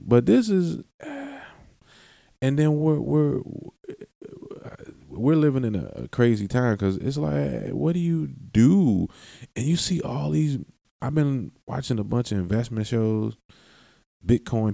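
On his solo podcast, a man with a medium-pitched, gravelly, warm voice rambles on, interrupting himself and laughing and cursing as he talks. The clean studio recording has no echo.

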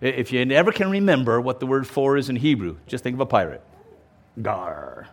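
A man's voice: medium pitch, fast talker. A male pastor giving a verse-by-verse Bible teaching sermon, emphatic and explanatory, with casual asides and frequent restarts. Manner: animated, emphatic, explains and repeats points.

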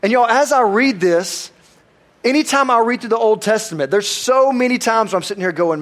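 A man's voice: extremely high pitch, expressive, brisk, fairly bright tone. A man preaching a sermon, conversational and self-deprecating as he tells stories. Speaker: pastor.

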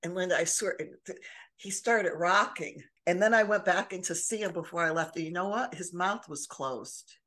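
Older female co-host, earnest rambling storyteller, slightly low pitch. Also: normal speed, a bit bright. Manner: storytelling, earnest, many restarts. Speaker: podcast co-host. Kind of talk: casual chat.

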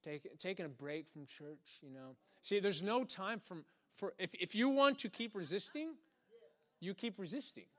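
A young male preacher with a slightly high voice gives an energetic, conversational sermon. He laughs often and acts out little quotes in a hushed, lower voice. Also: moderate pace. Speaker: pastor.

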